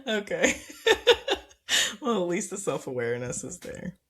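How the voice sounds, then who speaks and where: A woman's voice: on the low side, sing-song, a little slow, husky. A woman co-hosting a casual podcast chat, laughing often and talking with plenty of fillers. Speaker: podcast co-host.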